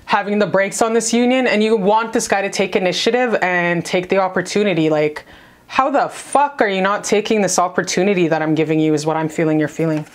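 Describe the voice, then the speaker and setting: A tarot reader, a woman with a medium-pitched voice, talks fairly quickly to the camera during a casual spiritual love reading. She's brash and profane, delivering a hyped-up pep talk to the viewer.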